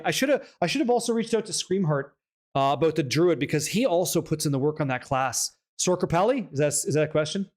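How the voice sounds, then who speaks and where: A man's voice: on the high side, a little mellow. A young man hosting a live stream, reading chat aloud and joking in a casual, hyped way with some swearing. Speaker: streamer host.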